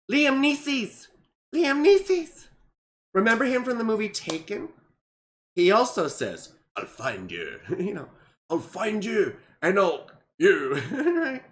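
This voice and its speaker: A woman's voice: fairly low pitch, a bit bright, a little hiss or hum. Rambling, chatty middle-aged woman. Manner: chatty, rambling, full of asides and tag questions. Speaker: astrologer. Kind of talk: casual astrology vlog. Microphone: camera mic.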